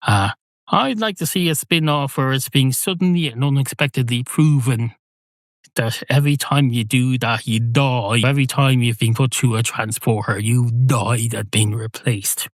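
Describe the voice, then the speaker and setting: Male comic host, rambling deadpan monologue, mid-pitched voice, dry close mic. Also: moderate pace, no room sound. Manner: rambling, deadpan, self-correcting. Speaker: comedy podcast host. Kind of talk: stream-of-consciousness comic monologue.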